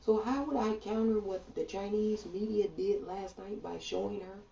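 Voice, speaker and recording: A woman rants about politics in a blunt, indignant monologue and talks right at her audience. Her voice is dark and gravelly with a mellow low end. She sits away from the mic in a roomy, echoing space. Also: steady tone, normal speed, far from the mic, a little hiss or hum. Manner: blunt, indignant, profane, addresses listeners directly. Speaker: political commentator. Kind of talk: ranting monologue. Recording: echoey room, voice off-mic.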